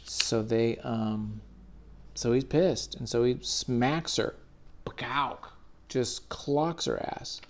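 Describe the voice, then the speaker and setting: A man's voice: medium pitch, slow. A man enthusiastically retelling a comic book story in casual, slangy commentary with frequent swearing. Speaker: comics reviewer.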